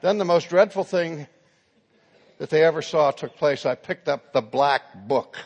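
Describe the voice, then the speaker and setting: A man's voice: fairly high pitch, unhurried, long reverb tail. A man preaching a sermon who tells his story dramatically and acts out the dialogue.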